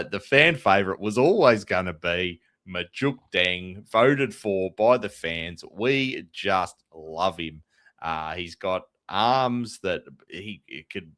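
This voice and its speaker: A man's voice: low-pitched, animated, takes it slowly, fairly bright tone, no room sound. An Australian man hosting a casual sports podcast, chatty and openly a fan. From Tasmania, Australia. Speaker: podcast host.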